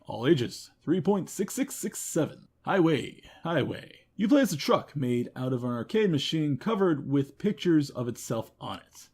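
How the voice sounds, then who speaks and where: A man hosting a game news show, running through a list of games with quick wry comments and self-mocking asides. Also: on the high side, big pitch swings, darkish tone, breathy edge. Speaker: host. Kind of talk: rapid game review roundup.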